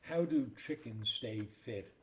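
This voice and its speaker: A man's voice: medium pitch, measured pace. A middle-aged man co-hosting a casual show, telling jokes playfully and acting out the characters in them. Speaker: co-host. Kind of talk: casual joke-telling chat.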